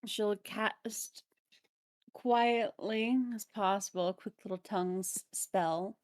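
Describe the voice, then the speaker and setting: A woman's voice: mid-range voice, takes it slowly, no room sound, studio quality. A woman playing a tabletop role-playing game, chatting with the group and slipping into character voices. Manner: animated, switches into character voices. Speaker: player.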